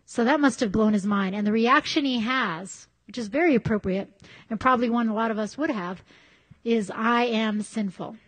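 A woman's voice: fairly high pitch, moderate pace. A woman preaching a sermon in a conversational, candid way, telling personal stories. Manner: conversational, candid, animated storytelling.

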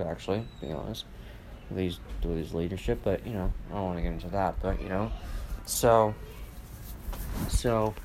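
A man hosting a solo podcast from home, rambling and swearing through a casual rant full of fillers and restarts. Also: lowish voice. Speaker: podcast host. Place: at home with family around. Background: faint household noise, dogs and TV.

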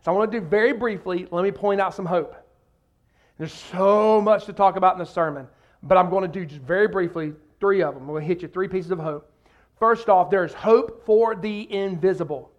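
Man, pastor, sermon, high-pitched voice, animated, conversational asides. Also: brisk, lo-fi sound. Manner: animated preaching, acts out quoted voices, colloquial asides.

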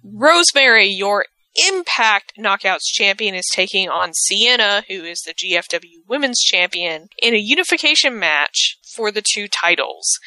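Bright, chatty woman podcast co-host. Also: medium pitch, normal speed, few pauses, no echo, rough recording. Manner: chatty and animated, with playful asides. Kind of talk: casual chat.

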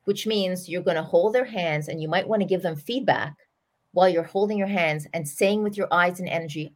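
A middle-aged woman, a parenting coach, talking through an example in an earnest, animated way as a podcast guest. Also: lowish voice, fairly quick. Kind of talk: storytelling explanation in an interview.

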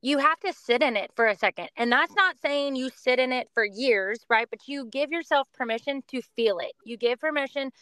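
A woman's voice: sits high, normal speed, few pauses, bright, forceful tone, smooth, no echo. A woman in her thirties, a podcast guest, talking earnestly and reflectively about faith and parenting in long, flowing runs. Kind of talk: casual faith-based conversation.

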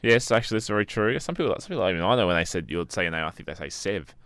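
An Australian radio presenter trading easygoing banter. He talks quickly in a lowish voice. The sound is dry and close. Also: lively intonation, fairly bright tone, no room sound. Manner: easygoing, laughs along.

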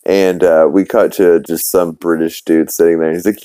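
A man's voice: low voice, flat delivery, moderate pace, mellow, clear, resonant tone, no room sound. A man hosting a podcast, casually recapping a cartoon episode in a rambling way with many fillers and some swearing. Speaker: podcast host.

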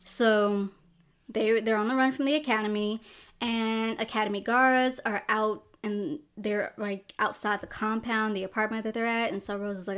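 A young adult woman hosts a podcast, giving a casual film review that's chatty, rambling, and packed with "like" fillers. Her voice is fairly high, bright, and smooth, with fairly even intonation at a normal speed.

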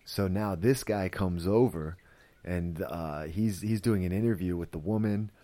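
Casual male podcaster with a deep voice, rambling, filler-heavy, profane recap. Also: unhurried, mellow. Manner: rambling, full of "like" and "you know", swears freely. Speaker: podcast host reviewing a series.

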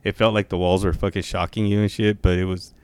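A young man telling stories in a relaxed, slangy casual chat. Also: low-pitched, quick pace, clean tone. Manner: relaxed storyteller, slangy, says dude and dope.

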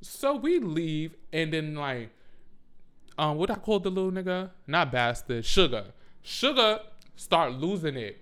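A young man tells a rambling, profane story in a casual vlog style, cracking himself up as he goes. His voice sits a little high and sounds smooth and clear. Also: measured pace. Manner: profane, animated, laughs often. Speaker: storyteller, former after-school teacher.

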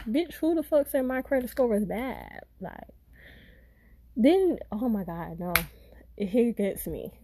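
A woman's voice: on the high side, very animated, slow, creaky, dark tone, husky. Profane, exasperated woman ranting. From Florida. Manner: blunt, exasperated, swears freely. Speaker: podcast host. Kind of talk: casual profane rant.

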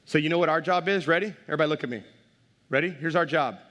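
Male pastor with a fairly high voice, animated sermon, big echoing sanctuary. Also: rapid-fire. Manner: animated, direct, engages the crowd.

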